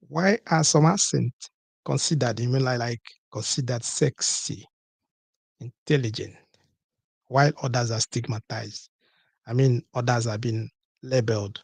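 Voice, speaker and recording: A man's voice: medium pitch, vocal fry, slightly rough, no echo. A man hosting a solo podcast, talking in a rhetorical way, repeating his points and asking "okay?" to his listeners. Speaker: podcast host.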